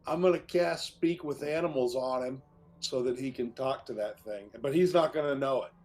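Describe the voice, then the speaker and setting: A man's voice: medium pitch, normal speed, darkish tone. A man playing a tabletop game, talking about spells and rules in a matter-of-fact way. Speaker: player. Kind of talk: casual tabletop play.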